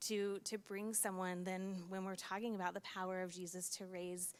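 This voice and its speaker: A woman's voice: mid-range voice, level tone, moderate pace, very noisy. A woman who is a pastor co-hosts a casual podcast discussion. She is upbeat and keeps the conversation moving. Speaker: pastor and co-host.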